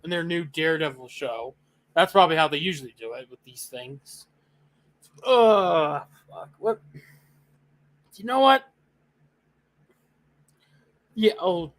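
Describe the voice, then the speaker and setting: A young adult streamer ranting excitedly and profanely in a casual live-stream reaction, with loud outbursts. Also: mid-range voice.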